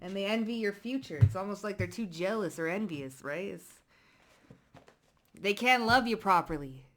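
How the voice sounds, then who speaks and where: A woman giving a casual tarot reading to her viewers, blunt and profane, swinging between loud emphatic bursts and low muttered asides. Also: expressive, moderate pace, noisy background. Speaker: psychic tarot reader.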